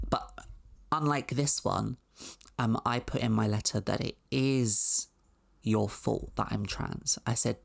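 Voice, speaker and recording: A woman's voice: rumbling low, gravelly. A woman hosting a comedic video essay, commenting with dry, sarcastic asides. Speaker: host.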